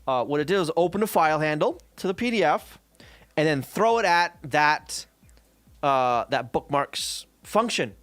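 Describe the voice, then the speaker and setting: A man venting on a stream in an exasperated, profane way, his pitch jumping up and down. The voice sits a bit higher than most men's and sounds dry and close. Faint music plays behind him. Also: a bit bright, no echo. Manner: exasperated, swears freely, many fillers and 'right?'. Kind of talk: casual profane rant about programming.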